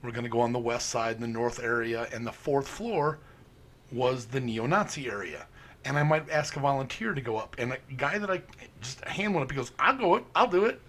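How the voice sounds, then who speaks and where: A man's voice: mid-range voice, brisk, a little hiss or hum. A man casually telling stories as a paranormal investigator, acting out quotes and laughing often. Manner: animated storyteller, acts out quotes, laughs often. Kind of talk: casual storytelling chat.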